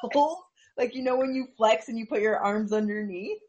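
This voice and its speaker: A woman's voice: a little high, brisk, darkish tone, lo-fi sound. Giggling woman telling a funny story. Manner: laughs through her story, breathless giggling. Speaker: storyteller in group chat. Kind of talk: casual chat.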